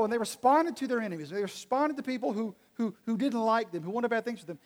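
High-voiced pastor preaching in a reverberant hall. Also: male voice. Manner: conversational storytelling with acted quotes. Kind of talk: sermon. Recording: long reverb of a large hall.

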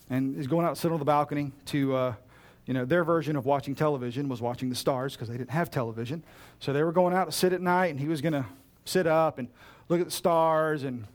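Playful preacher, slightly high voice. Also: male voice. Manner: casual, playful, acts out dialogue. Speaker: pastor. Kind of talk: sermon storytelling.

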